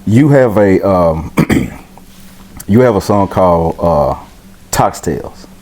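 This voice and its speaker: A man hosting a podcast, asking questions in a relaxed, conversational way with short prompts. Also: sits low, slow. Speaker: podcast host. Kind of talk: casual interview.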